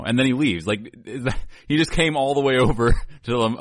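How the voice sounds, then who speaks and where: A man's voice: medium pitch, fast talker, dry recording, studio quality. A man co-hosting a podcast, recapping movie scenes in casual chat and acting out lines. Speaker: podcast co-host.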